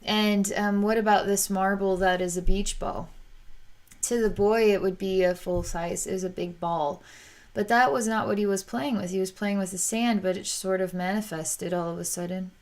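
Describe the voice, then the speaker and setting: A woman psychic reader narrating a vision as it unfolds, in a halting, searching way with frequent restarts, soft and low-key, rising in pitch when she describes anger. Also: fairly even intonation.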